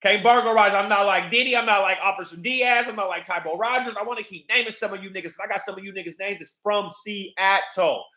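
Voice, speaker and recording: A man's voice: high-pitched, quick pace, hardly any pauses, bright, forceful tone, echoey room. A man hosting a livestream, ranting in a heated, profane, repetitive way. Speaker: livestream host.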